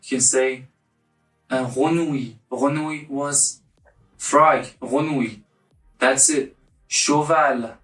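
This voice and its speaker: Slow, patient man teaching words in an echoey room. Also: mid-range voice, steady tone, fairly bright tone, faint music behind. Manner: slow, repeats each word several times for the viewer to copy. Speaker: language teacher. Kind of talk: casual online language lesson. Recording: echoey room, mic at a distance.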